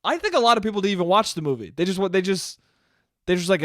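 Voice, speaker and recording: A man's voice: high voice, quick pace, no echo, studio quality. A young man hosting a casual solo podcast, ranting animatedly and swearing as he acts out conversations. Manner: animated, swears, mimics people in quoted asides. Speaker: podcast host. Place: small room, recording himself on camera.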